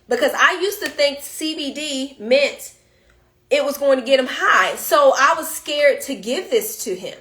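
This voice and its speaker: A woman hosting a live stream, telling a story in an animated, playful way and talking straight to her viewers. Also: high-pitched, moderate pace.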